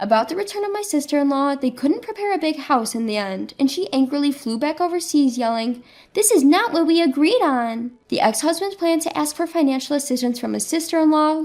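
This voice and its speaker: A woman narrating a first-person story in a steady, matter-of-fact way. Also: sits high.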